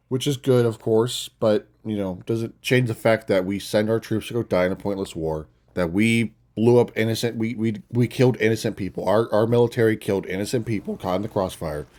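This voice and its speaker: A man's voice: on the low side, warm tone. A young man ranting casually and bluntly into his phone, swearing often and making mocking asides. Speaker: commentator. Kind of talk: casual political rant.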